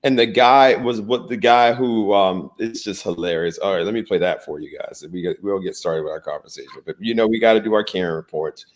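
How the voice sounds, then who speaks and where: A man's voice: on the low side, a little fast, hardly any pauses. A man hosting a morning talk show in casual, loose and chatty conversation. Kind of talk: casual chat.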